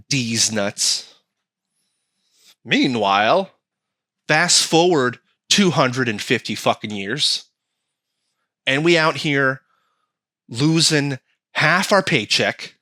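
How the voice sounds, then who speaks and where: A man's voice: medium pitch, no room sound. A man hosting a podcast, ranting casually with lots of swearing and mocking asides. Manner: animated, profane, mocking. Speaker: podcast host.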